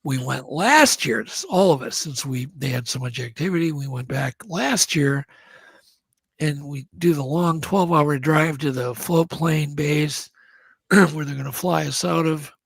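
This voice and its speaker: Man, guest, gravelly, husky, slightly high voice, casual animated storytelling, dry sound. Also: unhurried, no room sound. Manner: animated, acts out sounds and quotes.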